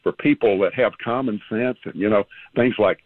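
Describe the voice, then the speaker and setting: A man's voice: fairly low pitch, moderate pace, slight background noise. A man calling into a radio show and ranting in a heated, indignant way. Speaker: caller. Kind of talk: phone-in rant. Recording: husky tinny phone line.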